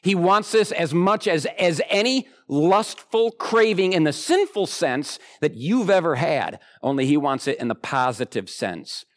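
A man preaching a sermon in a conversational, animated way, swinging from excited highs to quiet low asides. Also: a little slow, few pauses. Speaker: pastor.

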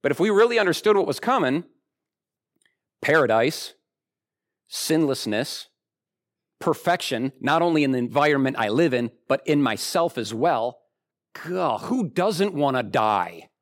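Guy preaching, chatty and animated, kinda high voice, jumps up loud then drops way down quiet. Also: a little slow, long pauses. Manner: animated, conversational preaching with big swings in pitch. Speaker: pastor. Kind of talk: sermon.

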